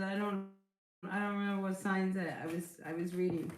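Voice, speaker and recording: In an echoey room, a woman with a mid-range voice and little pitch movement does a casual tarot reading at normal speed. Chatty and reassuring, she keeps checking in with viewers using "all right?" and "you know", with plenty of fillers.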